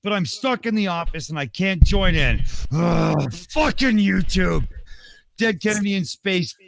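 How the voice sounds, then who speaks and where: A man putting on the voice of a furious, foul-mouthed male online supporter, reading a chat comment as a shouting, swearing rant. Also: high-pitched, expressive, measured pace, gravelly, dry recording, full character voice.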